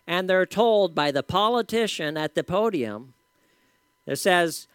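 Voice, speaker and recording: A pastor preaching a sermon in a conversational, storytelling way with casual asides. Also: male voice, a little high, expressive, moderate pace, clear, resonant tone, no echo.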